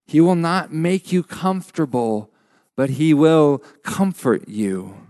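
A man preaching a sermon as a pastor, measured and emphatic with frequent pauses. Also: a little high, lively intonation, a little mellow, no room sound, studio quality.

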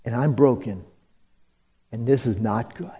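A pastor delivers his sermon slowly and deliberately, in a voice of middling pitch for a man. He swings from hushed, near-whispered lines to sudden high emphatic bursts, and calls on the congregation to answer him back. His words ring out with the long echo of a church sanctuary. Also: breathy edge. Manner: leads congregation call-and-response. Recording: long reverb of a church hall.

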